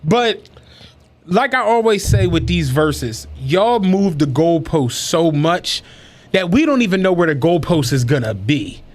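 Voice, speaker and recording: A man's voice: fairly high pitch, measured pace. A man co-hosting a podcast in casual chat, telling stories with lots of swearing and frequent laughter. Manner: animated storyteller, heavy profanity, laughs through his stories. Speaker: podcast co-host.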